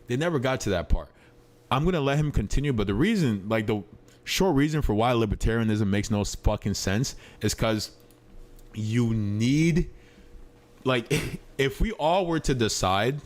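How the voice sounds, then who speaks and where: A man's voice: medium pitch, animated, moderate pace. A man commenting casually on a live stream, slangy, blunt, and repeatedly apologizing while he talks. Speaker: streamer reacting to a clip.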